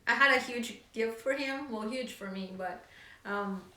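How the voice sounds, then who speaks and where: A woman's voice: on the high side, unhurried, sharp tone. A woman co-hosting a casual knitting chat show, talking in a rambling, filler-heavy way. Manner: chatty, rambling, many fillers. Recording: echoey room, distant mic.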